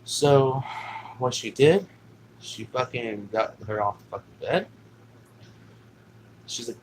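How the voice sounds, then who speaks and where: Guy rambling through a story, lots of cussing and fillers, mid-pitched voice, faint background hiss. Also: takes it slowly, long pauses, rough recording. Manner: rambling, profane, with many fillers. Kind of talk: casual personal storytelling.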